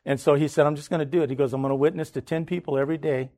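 A man preaching, telling a story in an animated way, often restarting and repeating words. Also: fairly high pitch, rapid-fire. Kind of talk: sermon storytelling.

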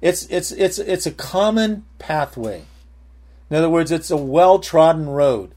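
Casually preaching man with higher voice. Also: lively intonation, a little slow, a little mellow. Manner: conversational preaching with frequent amens and restarts. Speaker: pastor. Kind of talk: sermon.

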